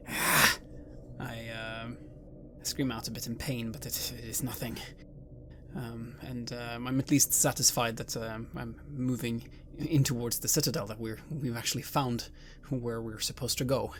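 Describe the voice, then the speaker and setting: A man's voice: mid-range voice, fairly even intonation, normal speed, noisy background. A man playing a tabletop game, asking about rules and describing his actions hesitantly, with many fillers. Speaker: player.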